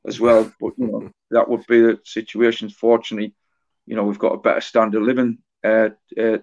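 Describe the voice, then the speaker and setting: A middle-aged man and author, a guest on a podcast interview, telling stories in a halting, anecdotal way. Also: on the low side, level tone, a little mellow. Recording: dull lo-fi podcast audio.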